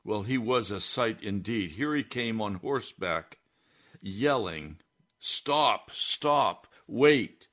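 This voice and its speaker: A man preaching on a broadcast, telling a story slowly and deliberately. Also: lowish voice, expressive, a bit bright. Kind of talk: sermon storytelling.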